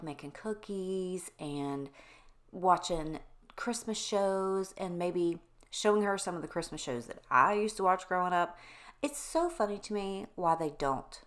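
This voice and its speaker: Lower-voiced woman, chatty tangential vlog talk. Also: fairly bright tone. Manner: rambling, wanders off on tangents; candid and conversational, addresses viewers directly. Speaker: home cleaning vlogger. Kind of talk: casual chatty voice-over.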